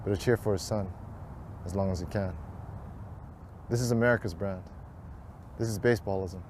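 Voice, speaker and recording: A man narrating a rhymed spoken-word advertisement with a measured, poetic cadence. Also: low voice, fairly even intonation, darkish tone, slight background noise.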